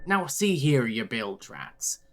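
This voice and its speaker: A woman putting on a gruff blustering pirate, an imaginary friend in a video game, drawing out his words with hearty pirate talk. he sits a bit higher than her own voice and barks his lines slowly. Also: sing-song, exaggerated voice. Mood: scolding. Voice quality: pirate-talking, drawn-out words.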